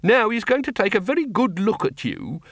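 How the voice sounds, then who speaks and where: A man voicing a huge male werewolf who speaks evenly and deliberately, with quiet menace. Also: high-pitched, dry recording, studio quality, voice pushed up, exaggerated voice. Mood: menacing calm. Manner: even, deliberate threats.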